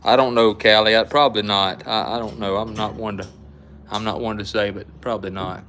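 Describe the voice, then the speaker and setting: A man's voice: on the low side, steady tone, brisk, fairly bright tone, slight background noise. Folksy man hosting a knife show. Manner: folksy, rambling, chatty with viewers. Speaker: knife shop host. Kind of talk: casual live-stream sales chat.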